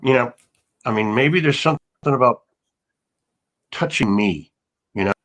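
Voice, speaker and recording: An American man, an actor guest in a casual interview, telling rambling, self-mocking stories with bursts of loud laughter. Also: mid-range voice, animated, moderate pace, rough recording.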